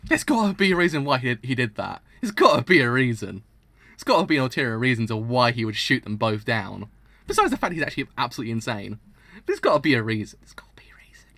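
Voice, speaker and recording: Young male streamer, bright, lively voice, theatrical mock outrage, laughs a lot. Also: mid-range voice, fast, no echo. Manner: dramatic, exaggerated mock outrage, laughs often. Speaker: streamer reacting to manga. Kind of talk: live reaction commentary.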